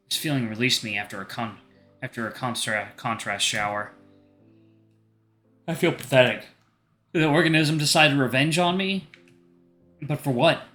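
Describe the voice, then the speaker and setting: A man reads as an anxious teenage boy narrating his own story from a visual novel, earnest and a little halting. The voice is bright and forward, and faint music plays underneath. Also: mid-range voice, lightly acted. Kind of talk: reading a visual novel aloud.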